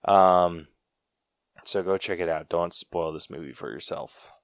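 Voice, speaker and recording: A young man hosting a podcast, talking in a relaxed, blunt and laid-back way. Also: low-pitched, measured pace, no room sound. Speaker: podcast host. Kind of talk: casual podcast chat.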